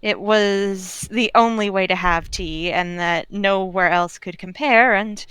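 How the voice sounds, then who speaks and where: An awkward, gentle young shopkeeper fumbles for words with a clear, smooth voice, as a woman voices him in a tabletop game. It is a dry, close recording. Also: mid-range voice, dry recording. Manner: hesitant, halting. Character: awkward, gentle young man running a candy shop.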